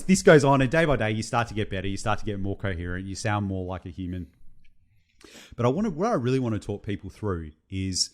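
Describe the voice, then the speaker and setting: A young man, co-hosting a casual podcast. He tells his story with lively, animated swings in his voice and swears freely. His voice sits a little low. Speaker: podcast co-host.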